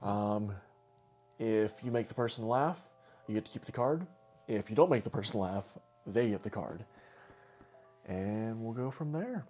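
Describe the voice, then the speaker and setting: A man's voice: fairly low pitch, animated, unhurried, pauses often, a little mellow, faint music behind. A man co-hosting a casual podcast, laughing often and teasing his friend while running a joke game. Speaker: podcast co-host. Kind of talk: casual chat and party game.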